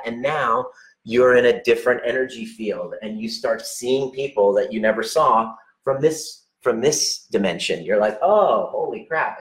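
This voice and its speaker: Blunt, swearing man coaching relationships. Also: on the low side. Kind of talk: direct unscripted coaching talk.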